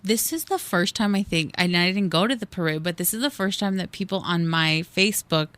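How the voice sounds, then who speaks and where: A woman's voice: fairly low pitch, fairly quick, fairly bright tone, no room sound. Woman on radio chatting away, tells stories quoting folks, dry close mic. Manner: conversational, quotes people while telling stories. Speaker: radio co-host. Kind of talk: casual chat.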